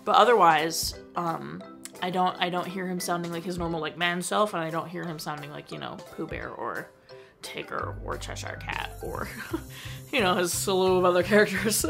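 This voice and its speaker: A woman's voice: on the low side, animated, moderate pace, creaky, fairly bright tone, faint music behind. A young woman talking casually and enthusiastically as she reviews a film, full of "like" fillers. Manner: gushing, enthusiastic, frequent "like" fillers. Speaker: movie reviewer. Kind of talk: casual chat.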